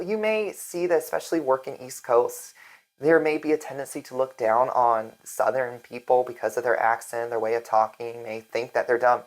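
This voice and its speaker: A woman's voice: rumbling low, poor audio. A woman from Virginia, a real estate agent, talking casually and chattily to camera in an upbeat vlog. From Alexandria, Virginia.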